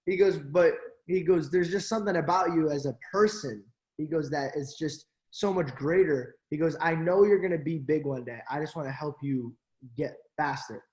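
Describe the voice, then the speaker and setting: Young male interview guest, lively chatty storyteller, a bit high-pitched, roomy echo. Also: normal speed. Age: young adult. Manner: animated, acts out quoted friends, many fillers. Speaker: interview guest, actor and social media creator.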